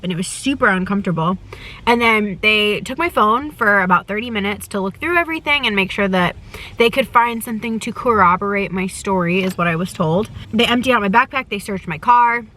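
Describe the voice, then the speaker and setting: Bright-voiced woman chatting in a car. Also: medium pitch. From United States. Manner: chatty, gushing, talks with her mouth full. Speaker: travel vlogger. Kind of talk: casual chat to camera while eating. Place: inside a parked car. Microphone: camera.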